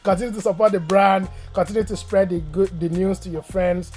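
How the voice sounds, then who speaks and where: A man's voice: sits high, fairly quick, soft background music. A man from Nigeria with a Nigerian accent, telling jokes and stories as a guest MC, laughing often. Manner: animated, joking, laughs often. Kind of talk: comic storytelling interview.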